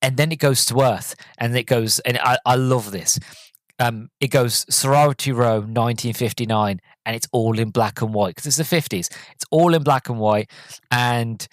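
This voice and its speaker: Casting: chatty male podcaster, rambly and excited, mid-pitched voice, dry close mic. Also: normal speed, no echo. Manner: rambling, enthusiastic, many fillers. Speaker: podcast host. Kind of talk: casual movie recap.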